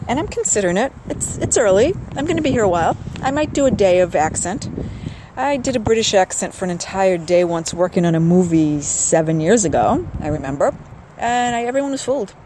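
A podcast host, an older woman, tells of her trip in a wry, rambling travel-vlog monologue, starting outdoors and ending up indoors. Her voice sits at medium pitch with lively intonation and a fairly quick pace, with background noise throughout.

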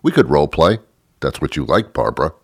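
A man's voice: extremely low pitch, brisk, creaky, slightly rough, no echo, studio quality. A middle-aged man telling a rambling, sarcastic comic story about himself. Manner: sarcastic, self-mocking, lively rambling. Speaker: comedic storyteller. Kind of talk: comedic monologue.

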